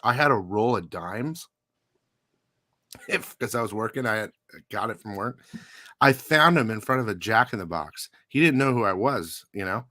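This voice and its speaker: A man's voice: on the low side, expressive, measured pace, pushed and bright, dry recording. A man hosting a live comic book show, telling a story casually with profanity, frequent laughs and lots of "dude".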